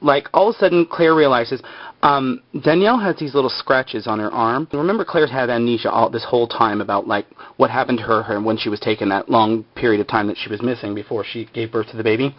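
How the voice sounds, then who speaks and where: A man's voice: mid-range voice, brisk, dry recording. A man casually retelling a TV episode, rambling with lots of filler words. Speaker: episode recapper. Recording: slightly muffled lo-fi recording.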